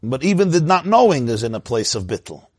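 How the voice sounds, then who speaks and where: Animated husky man teaching a class. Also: fairly quick, dry recording. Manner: animated, laughs often, swoops up into a high voice.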